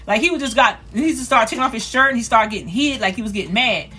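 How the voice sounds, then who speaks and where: A woman on a phone livestream, telling a painful personal story in a rapid, repetitive, earnest way. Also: a little high, sharp tone, a little hiss or hum. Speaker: livestream host.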